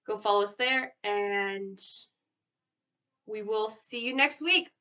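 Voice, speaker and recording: A young woman with a Southern US accent, co-hosting a casual vlog and telling stories in an animated way, with lots of "like". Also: mid-range voice, slow. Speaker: co-host. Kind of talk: casual chat.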